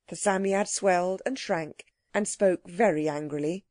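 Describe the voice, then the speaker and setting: A woman narrating a children's audiobook with clear, expressive storytelling. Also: fairly low pitch, measured pace, hardly any pauses, no room sound, studio quality.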